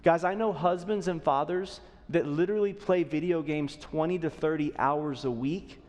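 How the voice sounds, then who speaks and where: A man's voice: on the high side, normal speed, a little mellow, in a large hall. A man in his thirties preaching a sermon as a pastor, conversational and often checking in with the audience. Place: church auditorium.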